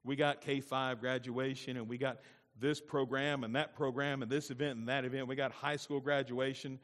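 A man's voice: medium pitch, little pitch movement, normal speed, fairly bright tone. A middle-aged man preaching a sermon as pastor, mixing folksy personal storytelling with emphatic preaching. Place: church sanctuary. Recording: long church hall reverb.

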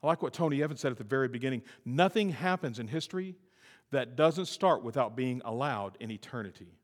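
A middle-aged male pastor preaching a sermon, rising to loud, emphatic peaks and dropping to slow, quiet lines. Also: lively intonation, in a large hall. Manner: climbs to high, emphatic peaks and drops to soft, slow lines.

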